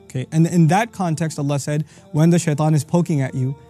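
A man teaching on scripture in an energetic explanatory talk, reciting verses quickly and then explaining them. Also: fairly high pitch, faint music behind. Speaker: Quran teacher.

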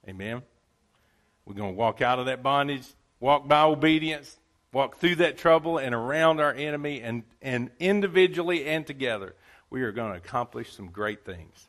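A man's voice: mid-range voice, a bit bright. A man preaching a sermon to his church in a folksy, repetitive style. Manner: folksy preaching with repeated phrases. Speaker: pastor. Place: church sanctuary.

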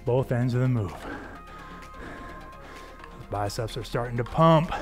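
A man's voice: mid-range voice, a little slow. Man, fitness coach, upbeat, encouraging, counting reps, faint music behind. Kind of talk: workout instruction. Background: faint background music.

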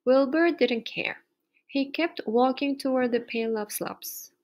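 A woman's voice: sits high, measured pace, darkish tone. Woman reading a children's story aloud.

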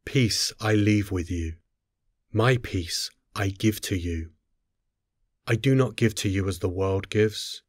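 A man with a lowish voice reads scripture in a solemn, measured way. His delivery is unhurried and steady. The sound is dry and close, with no room around it. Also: dry recording. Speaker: scripture reader.

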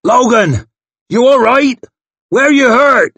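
A man's voice: very high voice, expressive, slow pace, fairly bright tone, no echo, voice pushed up, heavily acted. A man voicing a big bearded warrior in an audiobook, calling out urgently, raised well above his narrating voice.

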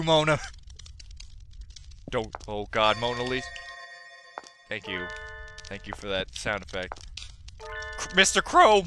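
Excitable man yelping through a game. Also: mid-range voice. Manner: talks to himself and the characters on screen. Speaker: gaming video host. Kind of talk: let's play commentary.

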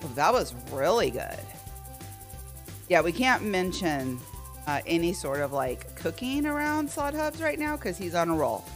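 A woman's voice: on the low side, sing-song, measured pace. A woman hosting a casual live slot stream from home, playfully chatting and greeting viewers by name. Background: faint slot game music.

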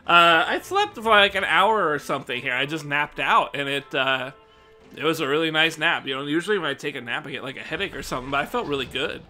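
A man's voice: a little high, lively intonation, quick pace, bright, forceful tone, soft background music. A young American man streaming live, chatting casually and rambling about his day, swearing freely and a little out of breath. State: slightly out of breath. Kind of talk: casual rambling chat to viewers.

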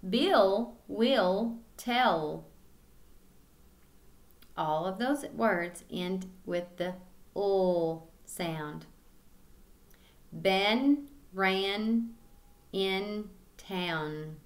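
A woman leads a kindergarten phonics lesson, stretching each word out very slowly and sounding out every syllable with care. Her voice sits at an ordinary middle pitch, patient and deliberate, pausing between repetitions so small children can follow. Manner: slow, drawn-out, clearly enunciated word drills. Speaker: kindergarten teacher.

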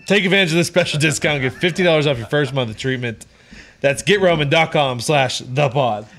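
A man's voice: fairly high pitch, a little fast, vocal fry, a bit bright. Man doing an upbeat ad read. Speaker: podcast co-host reading an ad. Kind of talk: ad read within casual chat.

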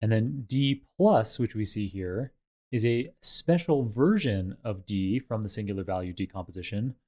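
A man teaching a tutorial, explaining step by step in a measured way over slides and a code demo. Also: medium pitch, mellow. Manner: measured, explanatory, with occasional fillers. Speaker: instructor.

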